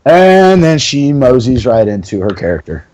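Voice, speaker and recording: A man's voice: mid-range voice, sing-song, normal speed, darkish tone, low-quality recording. Male podcast co-host; casual, rambling, profane fan banter. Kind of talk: casual chat.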